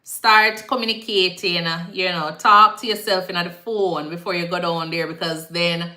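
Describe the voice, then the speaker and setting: A young Jamaican nurse talks casually to viewers on a live stream, sliding into patois phrasing. Her voice sits a little low but rings bright. The room around her sounds echoey. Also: steady tone, normal speed.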